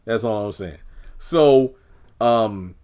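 A man's voice: lowish voice, lively intonation, slow pace, dark tone, smooth. A man giving a casual, opinionated recap of a TV episode, talking loosely with lots of fillers and acting out the characters' lines. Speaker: TV episode reviewer.

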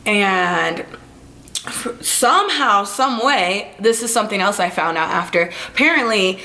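Young woman vlogging a storytime, bright clear voice, chatty and swears a lot. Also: mid-range voice, a little slow. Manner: chatty, animated storytelling with quoted dialogue and cursing. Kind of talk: storytime vlog.

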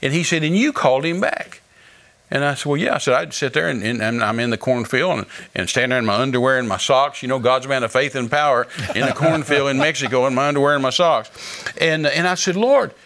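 An older man, an evangelist guest, telling a testimony in a folksy, animated preaching style. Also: medium pitch, quick pace. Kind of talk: storytelling testimony.

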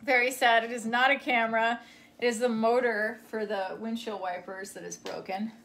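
A young woman with a high voice chats casually on a live stream. She rambles from one thought to the next and reads viewer comments aloud. Faint clicks sit behind her voice. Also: steady tone, moderate pace, creaky, fairly bright tone, slight background noise.

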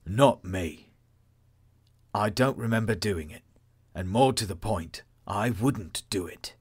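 Audiobook figure: a stubborn, defiant male commander with a low, steady voice, read by a man. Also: takes it slowly, breathy edge, exaggerated voice. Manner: firm, defiant. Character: proud, angry male mission commander.

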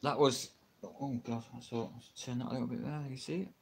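A man's voice: medium pitch, steady tone, a little fast, creaky, breathy edge. A middle-aged man with an English accent, chatting casually on a livestream, rambling and laughing often, recorded on a built-in camera mic at home. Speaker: wrestling livestreamer. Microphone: built-in camera mic, no microphone.

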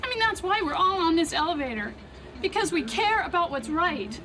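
An anxious, idealistic rookie colorist in a 1990s sitcom. Her voice sits very high and she rambles in nervous restarts. The old TV audio carries steady hiss. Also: brisk. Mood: rousing. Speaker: comic-book colorist.

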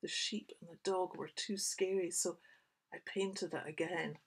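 A woman, a children's author, reading her picture book aloud for young children with expressive, whispery asides. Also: lowish voice, measured pace, slightly rough.

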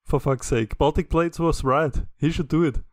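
A man's voice: fairly high pitch, moderate pace, no echo, clean studio sound. A man filling in as co-host in casual podcast chat, joking and laughing often. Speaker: stand-in co-host.

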